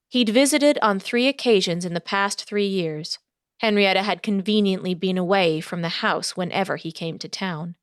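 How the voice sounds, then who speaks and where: A woman narrating a historical novel audiobook in a steady storytelling voice. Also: mid-range voice, no room sound, studio quality.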